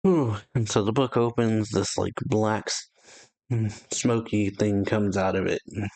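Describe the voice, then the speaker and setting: A man hosting a reaction video, retelling and reading a comic chapter aloud in a halting way full of fillers. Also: fairly low pitch, fairly even intonation, a little mellow, dry recording. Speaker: channel host.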